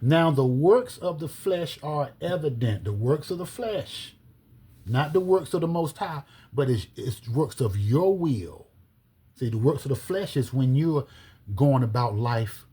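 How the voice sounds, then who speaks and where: A man giving a slow, deliberate scripture-based teaching, reading verses aloud and spelling out words letter by letter. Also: mid-range voice, animated, mellow, breathy edge. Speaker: religious teacher.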